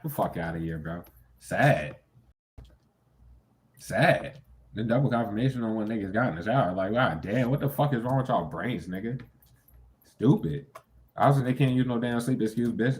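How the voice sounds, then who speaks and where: A man's voice: low voice, slight background noise. Profane, blunt man reading tarot. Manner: profane, blunt, with sudden incredulous outbursts. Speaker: tarot reader. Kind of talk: casual tarot reading rant.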